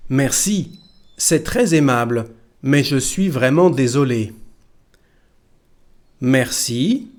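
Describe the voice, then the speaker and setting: French guy teaching pronunciation, super slow and patient, repeats stuff. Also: medium pitch, expressive. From France.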